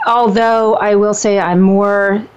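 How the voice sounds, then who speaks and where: A woman in her fifties speaks in a casual, animated way, stressing her points about herself and often restarting mid-sentence. Her voice sits at an ordinary middle pitch. The recording is dull and lo-fi. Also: takes it slowly, clear, resonant tone. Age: 50s. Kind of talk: casual conversation. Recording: dull lo-fi sound.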